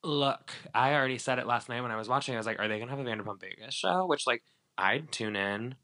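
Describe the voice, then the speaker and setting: A man co-hosting a casual podcast chat about reality TV, talking in a loose, animated way with lots of fillers and acted-out quotes. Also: medium pitch, fast talker. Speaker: podcast co-host.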